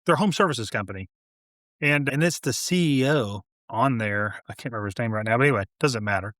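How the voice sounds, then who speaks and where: A man who builds homes, a guest in a casual interview, telling animated stories full of quoted dialogue. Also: medium pitch, brisk, no room sound, clean studio sound. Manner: animated storyteller, quoting others.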